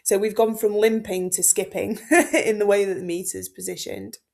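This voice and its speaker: A woman's voice: mid-range voice, fairly even intonation, moderate pace, vocal fry, darkish tone. Chatty young woman teaching a lesson. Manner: chatty, many ums and likes, informal asides. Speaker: Latin teacher. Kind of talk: casual exam-focused lesson walkthrough.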